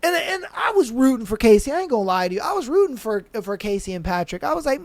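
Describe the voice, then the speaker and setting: A podcast host recapping reality TV in a casual, profane, animated rant full of slang. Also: sits high, fast, hardly any pauses, no room sound.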